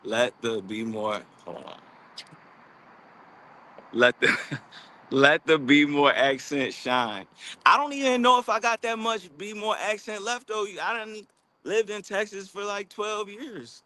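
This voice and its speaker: Man, Baltimore accent, bright sharp tone, casual walking livestream chat, slangy, filler-heavy. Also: high-pitched, slow pace, a little hiss or hum. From Baltimore, USA. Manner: loose, rambling, slangy, with many fillers. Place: outdoors, walking.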